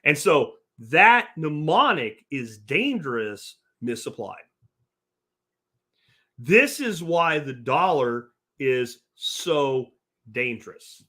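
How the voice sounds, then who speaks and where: A man's voice: on the high side, very animated, slow pace, bright, forceful tone. A man hosting a livestream podcast, reading chat comments aloud and answering them in a blunt, profane rant. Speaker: podcast host.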